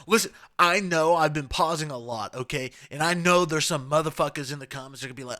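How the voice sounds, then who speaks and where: A man reacting to a video with profane, ranting commentary, swinging from loud outbursts to mumbled apologies. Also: a little high, fairly quick, few pauses, no echo, clean studio sound.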